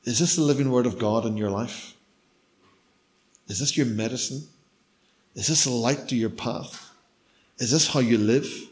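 Guy preaching a sermon, tells stories, goes loud then drops to almost a whisper. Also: medium pitch, unhurried, pauses often. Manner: storytelling, shifts between loud emphasis and hushed near-whispers.

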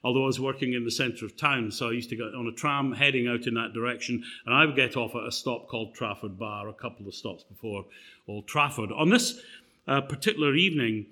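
Middle-aged guy preaching, chatty and a bit halting, bright clear voice. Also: mid-range voice. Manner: conversational, halting with fillers and restarts. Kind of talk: sermon with personal story.

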